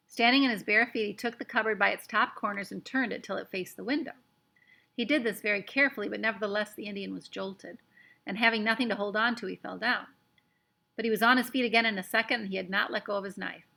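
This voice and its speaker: Woman, storybook reader, expressive narration, bright tone, gravelly touch. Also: medium pitch, fast talker. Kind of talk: reading a children's book aloud.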